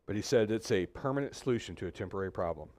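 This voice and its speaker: A man preaching a conversational sermon as pastor, animated, acting out quoted voices, with many restarts. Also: lowish voice, rapid-fire, dry recording. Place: church suite, indoors.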